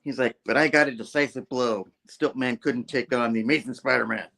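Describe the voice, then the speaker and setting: A man hosting a casual comic book review show, retelling a story and jumping into quick character voices. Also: creaky. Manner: animated storyteller, jumps high for quoted characters.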